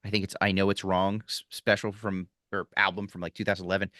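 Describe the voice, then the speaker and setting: A man in his forties from Philadelphia, a comedian chatting on a podcast, telling stories in a rambling, animated way with many restarts. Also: deep voice, fast, dry recording, clean studio sound. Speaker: guest comedian. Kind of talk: casual podcast chat.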